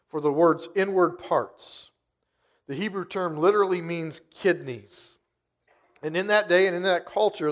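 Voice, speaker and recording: A man preaching a sermon, reading scripture softly and slowly, then stressing key words with rising force. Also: a little high. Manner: emphatic, rising to loud stresses. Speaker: pastor.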